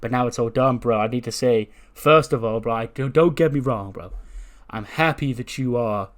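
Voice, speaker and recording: A man's voice: medium pitch, normal speed, natural voice. Chill surfer bro wrestler, drawly, bro every other word, guy putting it on. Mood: laid-back. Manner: drawling, says bro constantly. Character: laid-back surfer-bro male wrestler.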